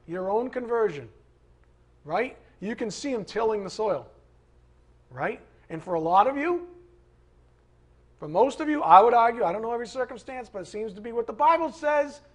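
A man preaching a sermon in a conversational, animated way, with asides to the congregation. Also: sits high. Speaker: pastor.

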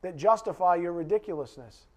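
Man, preacher, conversational sermon, emphatic, direct address, loud then soft, slightly high voice. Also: a little fast. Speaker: preacher teaching a Bible class.

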